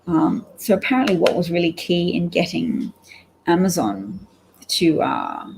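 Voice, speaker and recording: A woman's voice: fairly low pitch, wildly swooping pitch, a little slow, gravelly, background noise. A woman giving rambling, wry solo commentary on the news, reading out quotes and sounding sleepy. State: sleepy, yawning. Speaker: political commentator.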